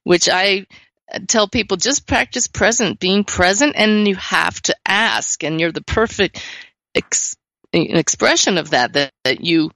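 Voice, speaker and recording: A woman's voice: medium pitch, measured pace, a bit bright, dry recording, rough recording. A woman hosting an interview, encouraging and affirming her guest. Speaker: host.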